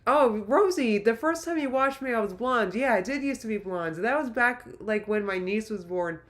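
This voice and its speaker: Animated and fairly high, her voice moves at a moderate pace as this woman in her late thirties hosts a casual YouTube livestream. She reads viewer comments emotionally, rambling and restarting many times.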